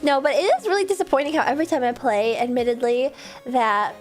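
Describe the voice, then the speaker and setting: A woman streamer chatting casually and rambling at the end of a gaming stream, sleepy and a little hoarse. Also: high voice. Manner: chatty, rambling, self-deprecating. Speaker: video game streamer. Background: faint background music.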